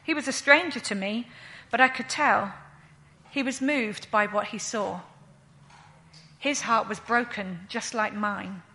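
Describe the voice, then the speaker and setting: A woman playing a grieving widowed mother, telling her story in a slow, earnest first-person monologue. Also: on the high side, pushed and bright. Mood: sorrowful.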